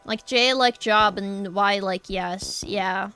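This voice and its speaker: A woman's voice: mid-range voice, steady tone, slow pace, few pauses, pushed and bright, soft background music. A young woman chatting casually with her live-stream viewers while she draws, apologetic and easygoing. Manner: chatty, apologetic, talks to chat while sketching. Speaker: art streamer.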